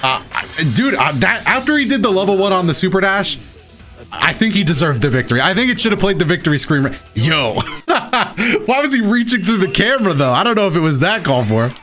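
A young man giving excitable, self-mocking live commentary while playing a fighting game. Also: high voice, brisk. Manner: excitable, self-mocking, shouts at big plays. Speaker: gaming YouTuber. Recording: game music playing behind. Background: game music.

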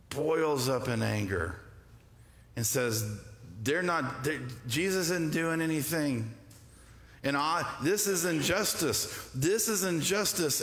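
A male pastor preaching in a church sanctuary, his voice ringing through a long reverberant hall. He talks at an ordinary middle pitch, leads call-and-response with the congregation, and climbs into emphatic, rising peaks. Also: fairly bright tone. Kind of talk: sermon.

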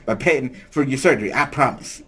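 A man's voice: medium pitch, a little fast, bright, forceful tone, husky. A man voicing a brash, loyal teen boy duelist, breaking into laughter. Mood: earnest. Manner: laughing through lines, failed Brooklyn attempt.

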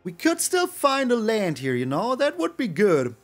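Animated man commentating his card game. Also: sits high, moderate pace, faint music behind. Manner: excitable, animated, swings to loud shouts. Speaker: gaming YouTuber.

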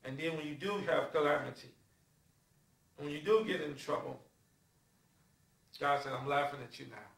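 High, bright-voiced preacher man, roomy sound. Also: moderate pace, gravelly, pauses often. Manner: emphatic, swings between loud and soft. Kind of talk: sermon. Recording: echoey room from far off.

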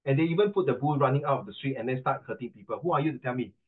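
A man's voice: medium pitch, racing. Give me a joking Singaporean male tutor teaching online, over a tinny phone line. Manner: playful, joking, rhyming wordplay. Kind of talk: online class lecture.

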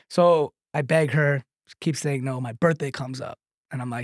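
A man, a comedian and content creator, telling a long anecdote in a podcast chat, animated and tagging lines with "right?", laughing now and then. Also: mid-range voice, normal speed, no room sound, clean studio sound. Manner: laughs through his own story.

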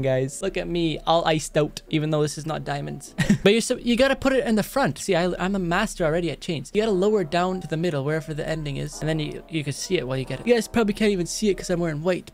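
A man hosting a reaction video, talking casually with animated, exasperated outbursts and frequent laughs. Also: sits high, gravelly. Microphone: headset microphone.

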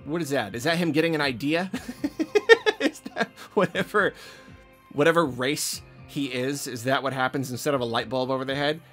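Gamer guy rambling excitedly about a trailer, regular-pitched voice, some music low in the background. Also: fast, few pauses. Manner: enthusiastic, rambling with fillers and restarts. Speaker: video game channel host. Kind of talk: trailer reaction commentary.

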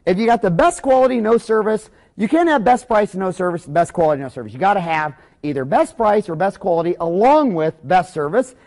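High-voiced man giving a folksy lecture. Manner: rambling, folksy, anecdotal, blunt. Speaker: dentist giving a business lecture. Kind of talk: recorded business lecture.

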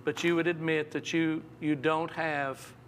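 Man, pastor, sermon in a church, bright tone, a bit high, repeats words when restarting. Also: little pitch movement, measured pace, soft background music. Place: church sanctuary.

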